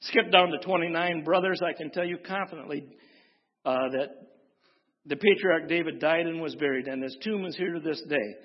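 Pastor guy from wisconsin, folksy preachy storyteller, kinda husky, echoey church with long reverb. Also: fairly high pitch, normal speed. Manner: folksy, humorous storytelling, preaching with rising intensity. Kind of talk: sermon. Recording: dull lo-fi recording with long hall reverb.

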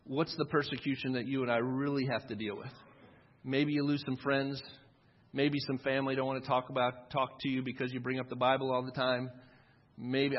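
A man from the United States giving an earnest, conversational sermon as a pastor, slipping in quick asides. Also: mid-range voice. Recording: dull sound with long hall reverb.

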